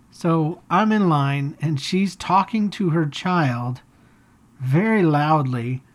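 With a low voice and darkish tone, a woman hosts a family podcast full of casual chat. Her storytelling rambles, punctuated by chuckles and restarts.

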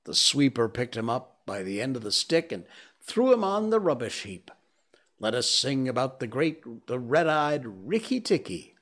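A man voicing a small, silly male tailorbird who talks in an excited, sing-song, praising way. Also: mid-range voice, moderate pace.

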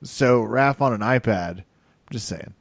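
Dude cohost, dry quips, very dead dry room. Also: male voice, medium pitch, a little slow, creaky, no echo. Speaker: podcast co-host. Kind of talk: casual chat.

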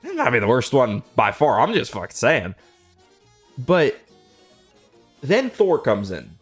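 A man's voice: medium pitch, huge pitch swings, measured pace, breathy edge, faint music behind. A man hosting a comedic monologue, rambling and swearing in disbelief as he retells old myths. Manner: profane, rambling, incredulous. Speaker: host.

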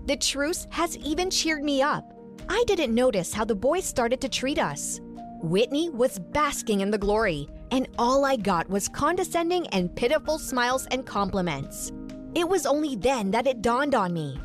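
A woman's voice: high-pitched, big pitch swings, normal speed, faint music behind. A woman telling a first-person story for a podcast in a dramatic, resentful manner.

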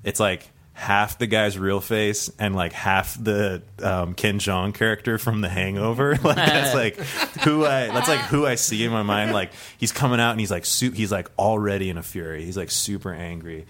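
Speaking at normal speed in a low, fairly bright voice with hardly any pauses, a comedy podcast guest shares a true story. He wanders off track, uses lots of fillers, restarts often, and laughs along at his own anecdote.

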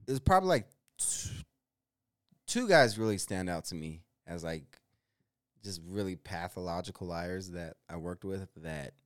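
A man's voice: low voice, no room sound, studio quality. A man co-hosting a podcast, telling workplace stories in a casual chat, swearing freely and often breaking into laughter. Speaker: podcast co-host.

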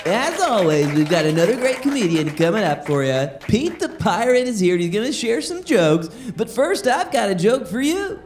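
A woman's voice: a little high, sing-song, moderate pace, few pauses, some chatter behind. Upbeat woman hosting a kids' comedy show. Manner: upbeat, playful, tells a warm-up joke. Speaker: show host. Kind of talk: introducing a kids' comedy podcast.

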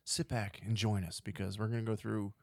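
A man's voice: fairly low pitch, flat delivery, fairly quick, vocal fry, no echo, clean studio sound. A man co-hosting a podcast, chatting casually and agreeably about a movie. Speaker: podcast co-host. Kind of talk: casual movie review chat.

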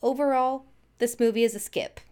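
A woman's voice: a little high, fairly even intonation, moderate pace, a little mellow, clear, resonant tone. A woman co-hosting a movie review chat, giving short, blunt verdicts in a casual way. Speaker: movie review podcast co-host.

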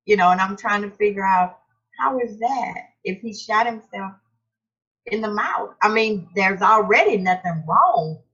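A middle-aged woman, teary, recalling events haltingly with many fillers and restarts. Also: medium pitch, animated, a bit bright, muffled recording. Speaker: grieving mother interviewed as guest. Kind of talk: emotional personal recollection.

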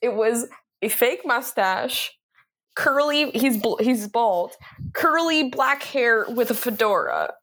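A young adult woman co-hosting a podcast, telling an animated story with frequent laughs and some swearing. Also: fairly high pitch, slow. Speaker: podcast co-host. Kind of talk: casual chat.

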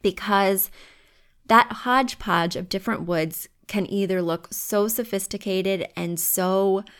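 A woman's voice: mid-range voice, measured pace, fairly bright tone, clean tone. A woman hosting a home-decor advice podcast from home, chatty and emphatic with firm opinions. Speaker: podcast host.

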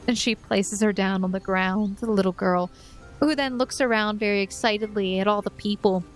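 A woman's voice: medium pitch, fairly even intonation, faint music behind. Woman narrating as game master. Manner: descriptive, unhurried, with soft laughs.

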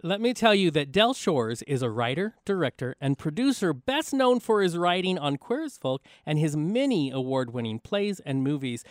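A man's voice: on the high side, sing-song, moderate pace, few pauses, no room sound, clean studio sound. A man co-hosting a radio talk show in casual chat, laughing often as he introduces guests.

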